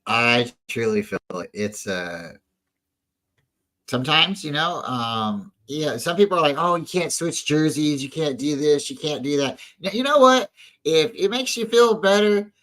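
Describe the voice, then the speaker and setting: A man's voice: fairly high pitch, expressive, measured pace, sharp tone, low-quality recording. A man co-hosting a casual sports fan show, telling rambling stories with many restarts. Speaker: podcast co-host.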